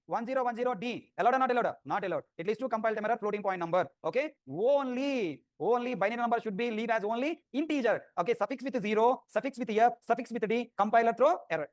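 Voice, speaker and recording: A male teacher with a high, quick voice fires repeated questions at his class and teases them. The sound is dry and close. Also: lively intonation, dry recording. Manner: drilling questions, repetitive, teasing students. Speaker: programming teacher.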